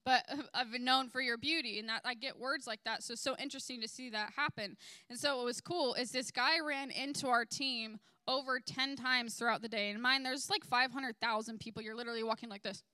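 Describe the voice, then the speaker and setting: Speaking quickly and rarely pausing, this young woman gives an informal testimony at church in a fairly high, clean voice. Her storytelling is lively, full of "like"s and quoted voices for different people. The recording is dry.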